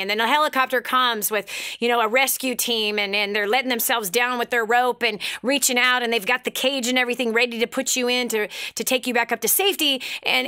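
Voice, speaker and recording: Woman, radio talk host, bright, forceful, fervent, motivational. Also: fairly high pitch, fairly even intonation, brisk, clear, resonant tone. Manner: passionate, preacher-like delivery.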